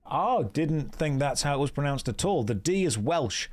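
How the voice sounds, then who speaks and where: A man's voice: fairly high pitch, lively intonation, moderate pace, few pauses. An English man streaming an online game, chatting casually with viewers and reading out their messages in a wry, teasing way. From England. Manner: chatty, wry and teasing, thanks donors warmly.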